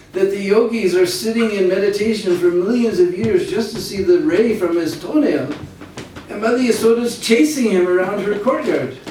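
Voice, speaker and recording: Man preacher, story sermon, higher voice, very echoey and distant. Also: slight background noise. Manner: animated storytelling with asides to listeners. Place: large indoor hall at a summer camp. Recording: echoey hall from far off, faint ambience.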